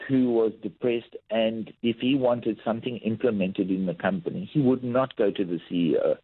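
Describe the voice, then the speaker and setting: A man's voice: lowish voice, moderate pace, husky, dry recording. A man, a lifestyle coach, telling workplace anecdotes in a podcast interview, acting out what people said. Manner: animated anecdotal storytelling with acted-out quotes. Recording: tinny phone-like line.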